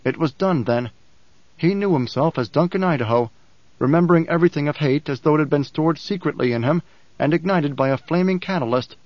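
A man narrating an audiobook in a measured, deliberate way. His voice sits a little high for a man. The sound is dry and close, with a slightly dull, muffled tone. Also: no echo.

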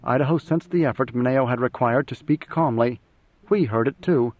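A man narrating a novel in a steady, even storytelling manner. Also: medium pitch, moderate pace. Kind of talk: audiobook narration. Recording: dry, slightly dull audio.

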